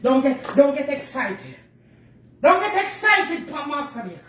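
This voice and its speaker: A woman's voice: sits high, very animated, measured pace, a bit bright, exaggerated voice. A woman playing a bossy, dramatic character, Master Baker, in a comedy sketch. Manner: bossy, dramatic, fussing over a baby. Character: bossy middle-aged woman Master Baker, Jamaican patois. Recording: echoey room with faint noise.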